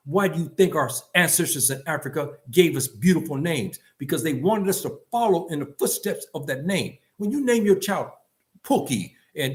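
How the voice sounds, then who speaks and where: An older man giving an impassioned monologue to his community, blunt and scolding, repeating himself and firing off rhetorical questions. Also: a little high. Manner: emphatic, repetitive, rhetorical questions. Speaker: commentator addressing his community.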